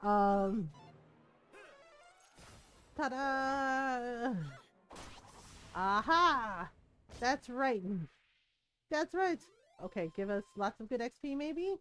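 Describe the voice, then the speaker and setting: A woman with a high voice chats and rambles through her game stream, laughing easily. Quiet game music plays underneath her talk. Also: animated, slow. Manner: chatty, rambling, laughs often. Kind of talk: casual live-stream commentary.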